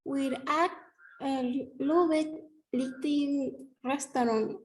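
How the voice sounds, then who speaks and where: High-voiced spanish-accented woman student, reads super slow and stumbles. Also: steady tone, darkish tone, a little hiss or hum, rough recording. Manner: hesitant, stumbling over words. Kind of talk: halting reading aloud.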